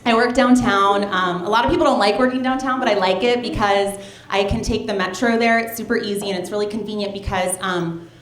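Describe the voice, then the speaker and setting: A woman's voice: mid-range voice, fast. A woman doing a stand-up comedy set in a chatty, offhand way, full of hesitations, with a dry delivery. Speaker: stand-up comic. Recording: echoey room with live audience.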